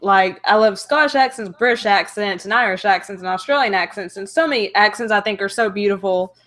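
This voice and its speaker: A woman's voice: medium pitch, fairly quick, a bit bright. A young woman from Alabama with a Southern accent, hosting an interview in an earnest, chatty way. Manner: earnest and chatty, laughing at herself. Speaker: host, interviewer. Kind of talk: casual interview conversation.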